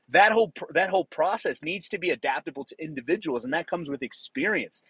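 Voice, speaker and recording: Blunt, profane man with husky voice. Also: fairly high pitch, lively intonation, fast talker, few pauses, fairly bright tone, no echo, rough recording. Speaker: former police officer. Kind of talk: casual monologue.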